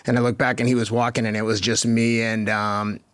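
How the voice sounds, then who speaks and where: A man's voice: lowish voice, level tone, brisk, fairly bright tone, clear, resonant tone, no echo. A man in his fifties with a Boston accent, telling stories as a guest in a casual, candid way, often laughing. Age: 50s. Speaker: guest, marathon runner. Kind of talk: casual storytelling.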